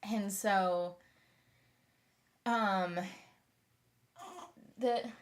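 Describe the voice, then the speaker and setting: A woman's voice: mid-range voice, fairly even intonation, extremely slow. A young woman telling a long personal story in a casual vlog, rambling with fillers and restarts. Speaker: vlogger.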